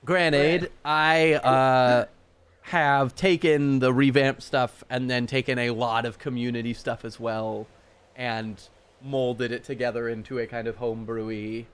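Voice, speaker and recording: A man's voice: medium pitch, fairly even intonation, measured pace, clean tone. A man running a tabletop game, chatting out of game and giving long, rambling explanations with many fillers. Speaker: game master. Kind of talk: casual out-of-game table chat. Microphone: streaming mic.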